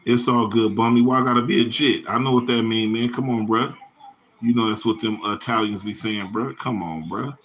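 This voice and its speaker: A man chatting on his own livestream, talking straight to viewers and reading out their comments. His speech is loose and slangy, swearing freely and wandering from point to point. His voice sits at an ordinary middle pitch for a man. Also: steady tone, fairly quick, a bit bright, a little hiss or hum. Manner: rambling, profane, slangy, answers chat comments by name. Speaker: livestream host. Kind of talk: casual livestream chat with viewers.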